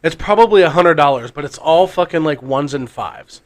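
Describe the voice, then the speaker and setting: A man's voice: on the high side, expressive, moderate pace. Rambling, profane podcast man. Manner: rambling and profane, with frequent restarts and laughs. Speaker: podcast co-host. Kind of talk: casual storytelling.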